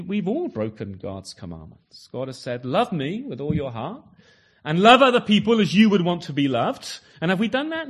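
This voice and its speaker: A man with a high voice preaches a sermon to his listeners. His delivery is earnest, and he keeps turning statements into rhetorical tag questions. He often restarts and repeats words mid-thought.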